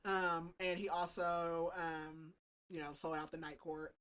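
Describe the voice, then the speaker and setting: A woman's voice: fairly low pitch, a little slow. Chatty young woman recapping a book. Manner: animated, full of "like" and "um". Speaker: podcast co-host. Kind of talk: casual book recap chat.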